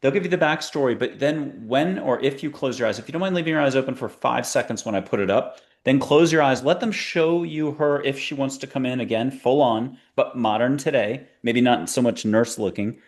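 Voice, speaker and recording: Gravelly male host coaching a visualization. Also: medium pitch, brisk, hardly any pauses. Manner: instructive, coaching.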